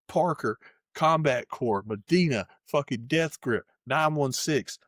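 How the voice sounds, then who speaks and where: A man's voice: mid-range voice, takes it slowly, fairly bright tone, dry recording, clean studio sound. A man co-hosting a podcast, ranting heatedly in casual chat and swearing constantly. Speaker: podcast co-host.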